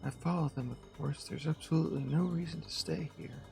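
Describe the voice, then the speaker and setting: A male streamer reading a visual novel aloud in the first person, with tense, halting delivery. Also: on the high side, fairly even intonation, creaky, over music.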